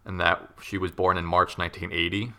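A man's voice: deep voice, little pitch movement, fairly quick, bright, forceful tone, smooth. A man casually recounting a true crime story to a co-host, rambling with many fillers and wry asides.

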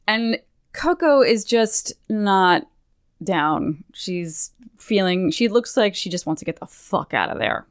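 A woman co-hosting a podcast talks through a game's story in a lively, casual way, slipping into the characters' voices as she tells it. Her voice is smooth and clear, and it sits close and dry on the microphone. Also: mid-range voice, slow, no room sound. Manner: animated, acts out characters' lines with swearing and laughter. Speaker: podcast co-host. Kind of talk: casual chat recapping a game questline.

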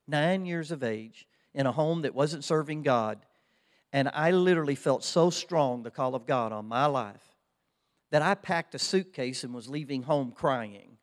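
A man's voice: medium pitch, long reverb tail. An older man with an Oklahoma accent, preaching a fervent sermon as pastor, repeating his phrases. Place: church sanctuary.

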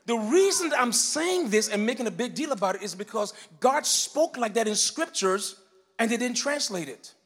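A male pastor delivers an animated sermon in a high, lively voice. He shifts between shouted emphasis and soft, explanatory asides. The sound rings with long reverb from a church hall. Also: normal speed, slightly rough. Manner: animated preaching, swinging between loud emphatic bursts and quiet teaching. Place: church sanctuary.

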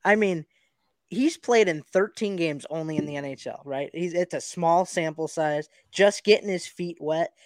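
A man co-hosting a casual sports podcast over a video call, talking in a halting, hesitant way. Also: a little high, dry recording. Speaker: podcast co-host.

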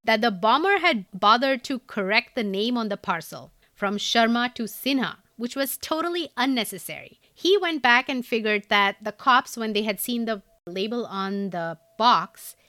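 A woman's voice: a little high, lively intonation, moderate pace, hardly any pauses, sharp tone, dry recording, studio quality. A woman from India with an Indian English accent, hosting a podcast and telling a true crime story in a conversational way, with asides. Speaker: podcast host.

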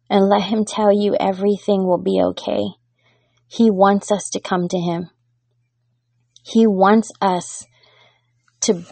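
A woman, a mother, giving a gentle, heartfelt devotional talk as host, growing fervent at times. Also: medium pitch, dry recording. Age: adult with daughters.

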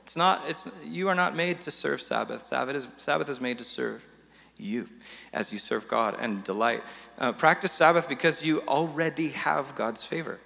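A man's voice: mid-range voice, moderate pace, creaky, sharp tone, in a large hall. A man leading a church panel discussion, talking conversationally and often repeating words as he thinks.

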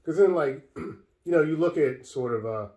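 A man in a relaxed film chat, thinking aloud with many "like"s and "um"s and swearing now and then. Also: a little high, normal speed. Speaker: podcast co-host. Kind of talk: casual film discussion. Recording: roomy echo.

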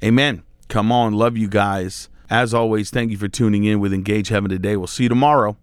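A man's voice: on the low side, steady tone, a little fast, smooth. A male pastor giving a devotional sermon in a casual, conversational way, with lots of filler words.

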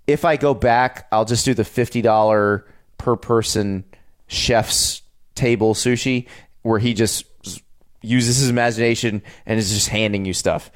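A man in his forties co-hosts a podcast, chatting casually about food and travel. His voice sits on the low side and his pace is measured, yet he's an animated, enthusiastic storyteller when recounting food tales.

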